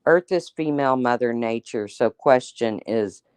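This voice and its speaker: A woman's voice: extremely low pitch, normal speed, clean tone, no echo. A woman hosting a casual livestream, chatting and teasing as she answers viewers by name. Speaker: livestream host. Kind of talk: casual livestream chat reading viewer comments.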